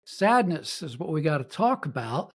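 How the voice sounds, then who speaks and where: A middle-aged man guest in a podcast interview, talking in halting, repeated starts and acting out quoted lines with sudden jumps in pitch. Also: sing-song.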